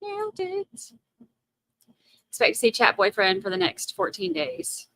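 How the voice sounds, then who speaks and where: A woman's voice: medium pitch, moderate pace, pushed and bright, no room sound, low-quality recording. A woman from Massachusetts hosting a livestream, chatting casually and joking at her own expense while reading viewer comments aloud. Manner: jokey, self-teasing, reads viewer comments aloud. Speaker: livestream host.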